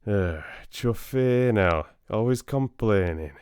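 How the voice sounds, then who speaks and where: Brash male Yorkshire storyteller, a man putting it on, loud and rowdy, smooth, clear voice. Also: lowish voice, expressive, slow pace, no echo, clean studio sound. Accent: put-on broad Yorkshire. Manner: rowdy, slangy, keeps asking "right?".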